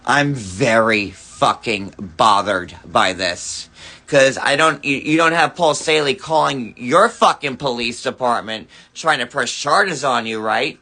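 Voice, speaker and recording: A man's voice: mid-range voice, unhurried, pushed and bright. An angry man ranting on a phone livestream, swearing heavily and stammering through restarts. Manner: furious, profane, stammering restarts.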